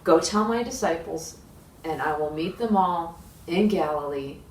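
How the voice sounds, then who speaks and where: A woman voicing a kind, calm man who speaks softly and slowly, recorded in a roomy space from a distance. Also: on the low side, a little hiss or hum. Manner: soft, slow and gentle. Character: gentle risen male teacher, calm and kind.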